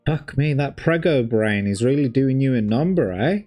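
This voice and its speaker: A man's voice: mid-range voice, lively intonation, normal speed, warm tone, faint music behind. A man from Birmingham with a light Birmingham accent, rambling, sweary, casual commentary with plenty of fillers as he reviews old adverts. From Birmingham, England.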